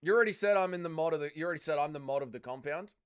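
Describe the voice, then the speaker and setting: Racing along in a smooth, slightly high voice, a male livestream host runs a live watch-along, reading chat messages aloud, joking crudely, cursing freely and addressing people as mate.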